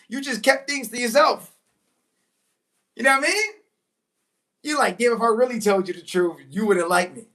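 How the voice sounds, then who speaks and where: Fairly high-voiced woman with an animated, swooping delivery; preachy motivational speaker who repeats lines and drags out key words. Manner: preachy, emphatic, repeats key lines, bursts into excited exclamations; slows right down on key phrases. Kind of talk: live-stream motivational talk.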